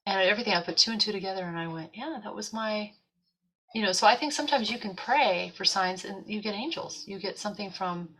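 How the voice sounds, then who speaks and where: A woman talking as a guest on a chat show, telling a story in an animated way and acting out what people said. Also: mid-range voice, quick pace, few pauses, rough recording. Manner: animated, acts out quotes.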